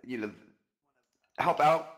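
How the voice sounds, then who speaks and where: A man co-hosting a live news stream, reading announcements in a steady way with frequent fillers. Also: on the high side, takes it slowly, poor audio. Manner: steady delivery with many "uh" fillers.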